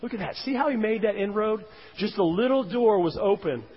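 Husky-voiced preacher in a dull echoing hall. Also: male voice, sits high, animated, a little fast. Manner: emphatic, rising and falling for emphasis. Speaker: pastor. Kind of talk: sermon. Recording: dull, roomy hall sound.

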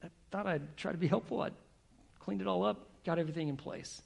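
A man voicing an earnest young intern who speaks quietly and modestly. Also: high-pitched, fairly quick, gravelly, breathy edge, heavily acted. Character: young male intern from foster care, earnest.

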